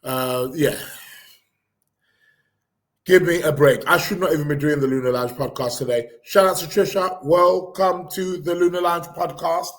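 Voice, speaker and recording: Reading news aloud on his podcast, a man from England rambles sarcastically in a casual live chat, stumbling into fillers and restarts. His pitch is fairly high and his speed normal.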